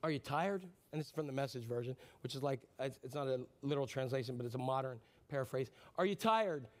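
A man preaching a sermon, animated, swinging from loud bursts to near-whispers and asking the congregation questions that he answers himself. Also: mid-range voice, quick pace. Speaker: pastor.

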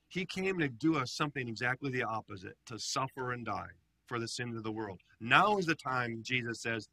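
A male pastor with a bright, forceful tone and a slightly breathy, husky edge teaches a Bible study. He keeps asking his listeners questions to pull them in. The sound is dry and close. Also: mid-range voice, dry recording. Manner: animated, asks the group frequent questions.

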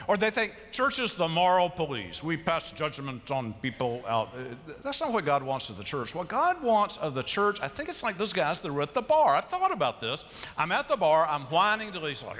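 A man preaching a sermon as a pastor, telling stories in an animated, conversational way. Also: on the high side. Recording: reverberant church hall.

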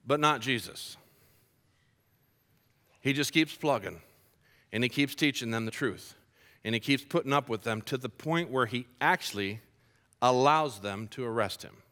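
Bright-voiced preacher in a reverberant hall. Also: male voice, medium pitch, normal speed, pauses often. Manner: lively storytelling with humorous asides. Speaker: pastor. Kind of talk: sermon.

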